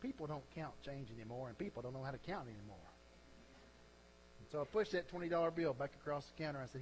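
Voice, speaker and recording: A man's voice: medium pitch, animated, quick pace, slight background noise, poor audio. A man preaching a sermon as a pastor, telling folksy stories and closing in earnest prayer.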